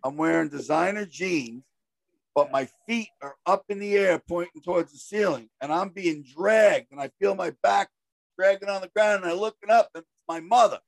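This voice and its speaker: A man telling a story in casual talk with a friend, animated and acting out shouted quotes. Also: high-pitched, moderate pace, creaky, no echo.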